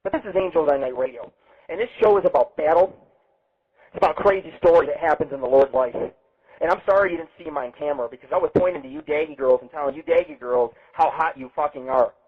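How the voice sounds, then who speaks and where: Over a webcam mic that sounds thin and tinny, almost like a phone call, a brash and boastful man runs a rambling live internet radio show. He curses heavily and talks fast and expressively in a slightly high, husky voice.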